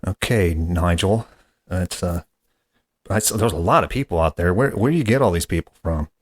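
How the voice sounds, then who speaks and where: A man's voice: low voice, moderate pace, dry recording. A man hosting a comedy podcast, exasperated and casual in a sketch. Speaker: podcast host.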